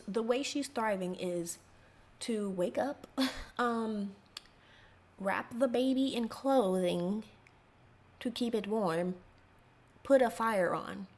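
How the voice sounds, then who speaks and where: A woman's voice: on the high side, darkish tone. A woman hosting a reaction video, talking back to the clip with exasperated, sarcastic commentary.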